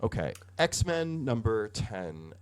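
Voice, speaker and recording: Slow and fairly low-pitched, this podcast co-host recaps comics in a casual chat. His storytelling is animated and profane, peppered with "like" as a hedging filler.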